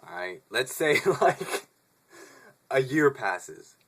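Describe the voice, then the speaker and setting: Bright-voiced young man ranting casually. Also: medium pitch, sing-song, takes it slowly, breathy edge. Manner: laid-back, swears a lot, laughs often, says dude. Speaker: vlogger. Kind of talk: casual rant to camera.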